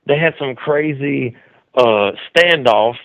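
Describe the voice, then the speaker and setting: A man's voice: medium pitch, slow pace, fairly bright tone, no room sound, rough recording. A man hosting a call-in show, telling a story loosely, with lots of restarts and "dude". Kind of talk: casual rambling commentary. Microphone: studio mic with mixer.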